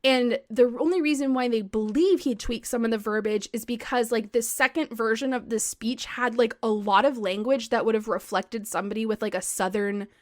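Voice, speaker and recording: Chatty, animated woman with a high-set voice. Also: moderate pace, hardly any pauses, no echo, studio quality. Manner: animated and chatty, peppered with "like", casual swearing. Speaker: podcast co-host. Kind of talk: casual chat, storytelling.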